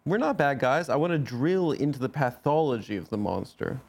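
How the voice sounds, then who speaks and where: A man's voice: medium pitch, expressive, normal speed, vocal fry, darkish tone. A man co-hosting a comedy podcast, riffing playfully with absurd jokes in casual banter. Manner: playful, absurd, doing silly voices. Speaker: podcast co-host.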